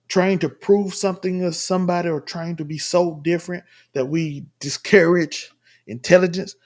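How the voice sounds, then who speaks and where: A man's voice: on the high side, darkish tone. A man from the Southern US giving rambling, emphatic casual commentary while reacting to a clip at home. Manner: rambling, emphatic, restarts often. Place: home room.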